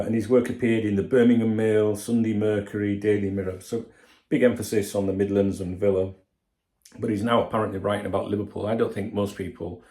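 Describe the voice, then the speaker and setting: A man's voice: on the low side, gravelly, dark tone, roomy sound. A man hosting a football channel, giving a blunt, sweary opinion rant straight to his viewers. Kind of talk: casual opinion commentary.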